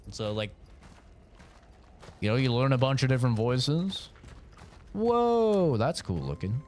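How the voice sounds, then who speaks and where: A man's voice: mid-range voice, expressive, moderate pace. A man streaming a game, chatting in a rambling, casual way full of fillers. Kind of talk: live-stream gaming commentary.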